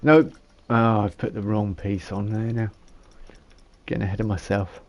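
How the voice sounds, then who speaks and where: A man's voice: on the low side, little pitch movement, normal speed, soft background music. A man, giving casual gameplay commentary and rambling as he thinks aloud while building. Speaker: gamer.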